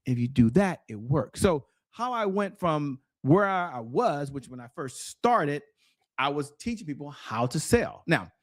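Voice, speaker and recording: A middle-aged man tells stories as an interview guest with real energy, his voice sitting a little high and swooping up and down. He speaks straight to the viewers with the push of a preacher. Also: measured pace. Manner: animated, preacher-like, addresses viewers directly. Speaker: guest, sales strategist.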